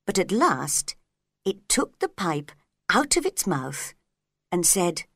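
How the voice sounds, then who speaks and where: A woman reading a story aloud for English learners, clear and careful. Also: fairly low pitch, big pitch swings, takes it slowly, a bit bright, dry recording, studio quality.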